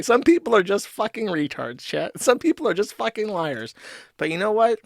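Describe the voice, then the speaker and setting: A man's voice: high voice, sing-song, moderate pace, creaky, no room sound, studio quality. A young man hosting a stream, ranting at a clip to his chat in an exasperated, profane, rambling way. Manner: exasperated, profane, rambling with restarts and mocking laughs. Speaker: streamer host reacting to a clip.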